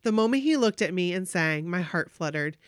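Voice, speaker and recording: A woman co-hosting a podcast, reading a fan's story aloud in an animated way. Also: on the low side, fairly quick, clear, resonant tone, no room sound, clean studio sound.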